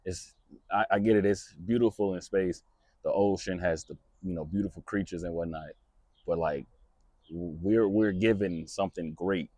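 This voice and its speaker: A man's voice: sits low, moderate pace, mellow, dry recording, studio quality. A man hosting a casual podcast chat, talking in a rambling way with many restarts. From United States. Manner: rambling, many restarts, laughs at own jokes. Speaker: podcast host.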